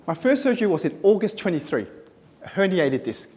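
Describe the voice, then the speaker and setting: A man's voice: sits high, very animated, brisk, darkish tone. Man joking in an echoey hall. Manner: punchy self-mocking delivery with comic timing. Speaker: contest speaker. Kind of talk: humorous stage speech. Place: stage in a conference hall.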